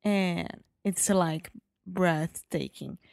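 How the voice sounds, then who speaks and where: A woman's voice: fairly low pitch, extremely slow, creaky, a little mellow, dry recording, studio quality. A Portuguese woman speaking English with a Portuguese accent in a casual chat, hesitant and laughing often as she searches for words. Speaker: co-host learning English.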